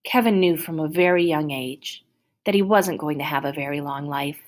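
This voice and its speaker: A woman reading as a soft-spoken tired doctor lady, low and calm, kind. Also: normal speed, lightly acted. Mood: gentle.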